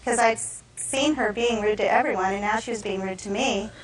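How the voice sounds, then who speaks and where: A woman defendant giving courtroom testimony, retelling events in an animated way and acting out the quotes. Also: mid-range voice, a little fast. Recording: echoey courtroom from far off.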